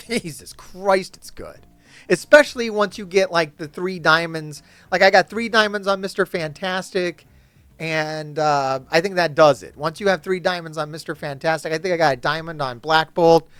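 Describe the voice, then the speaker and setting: A man giving casual gameplay commentary to his chat, swearing often and ranting excitedly about characters. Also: a little high, normal speed, clean tone, dry recording. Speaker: gaming YouTuber.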